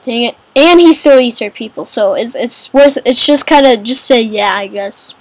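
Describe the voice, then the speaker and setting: A woman's voice: on the high side, moderate pace, no echo, low-quality recording. A woman giving casual let's-play commentary on a kingdom game, chatty and exclaiming, calling everyone man and dude. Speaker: gamer playing a kingdom game.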